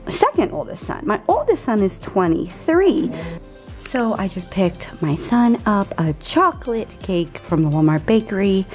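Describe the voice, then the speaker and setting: A woman's voice: mid-range voice, darkish tone. A woman in her forties chatting through a grocery haul in an upbeat, rambling way. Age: 40s. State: out of breath. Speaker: vlogger.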